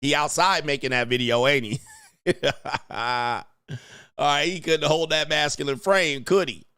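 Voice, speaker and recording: A man's voice: fairly high pitch, a little slow, pushed and bright, clean tone. Brash man hosting a reaction stream. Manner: brash, mocking, repeats "all right". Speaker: host. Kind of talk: reaction livestream commentary.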